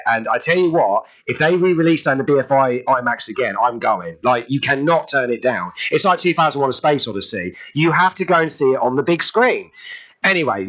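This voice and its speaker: A man's voice: mid-range voice, sharp tone, muffled recording. A man hosting a radio show, chatting in an effusive, rambling way with lots of fillers. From United Kingdom. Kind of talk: casual radio chat.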